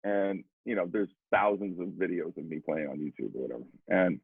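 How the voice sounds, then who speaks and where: A middle-aged man speaks in a husky voice, rambling through an animated story and repeating himself as he talks. The sound is tinny and phone-like, with a dry, close feel and no room around it. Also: low voice, brisk, no echo. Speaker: guest drummer and educator. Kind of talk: casual storytelling conversation.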